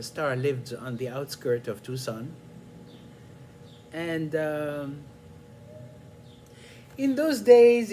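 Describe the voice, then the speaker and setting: An older man telling a personal story in an unhurried, reflective way, pausing often with small fillers. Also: on the high side, a little mellow, a little hiss or hum.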